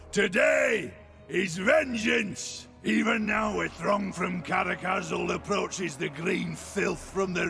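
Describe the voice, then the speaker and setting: An actor playing a fierce male dwarf lord who rallies his clan in a game battle speech, in a gravelly, bellowing voice. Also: high-pitched, bright, forceful tone, full character voice. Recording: game audio with faint music.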